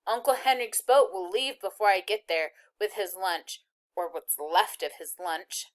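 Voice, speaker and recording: A woman reading aloud who voices a brave young girl, raising her voice higher and chattering, then turning insolent. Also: animated, unhurried, close to an everyday voice. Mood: defiant.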